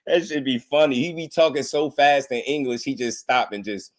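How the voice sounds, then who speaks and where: A man giving casual boxing commentary on a live stream, slangy and animated, laughing often. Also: medium pitch, normal speed.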